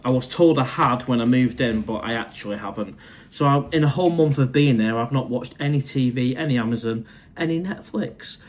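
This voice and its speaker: A man's voice: mid-range voice, fairly quick, slight background noise. A man, casually chatting on a live stream from his condo, reading out viewer comments and calling everyone mate. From England.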